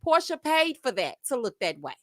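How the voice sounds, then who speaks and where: A sassy YouTube commentary host from Houston, Texas, in her late thirties or about forty, rants casually to viewers in a Southern Texas twang, calling them honey and child. Her slightly high, a bit bright voice is very animated and dramatic at a moderate pace. The audio is studio quality with no room sound.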